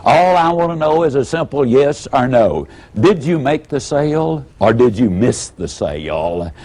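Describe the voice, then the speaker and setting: Guy doing a mad boss yelling at his guy, husky and swingy. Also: medium pitch, animated, unhurried, pitched above the performer's own voice. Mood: angry. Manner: barking, scolding. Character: furious middle-aged male company boss.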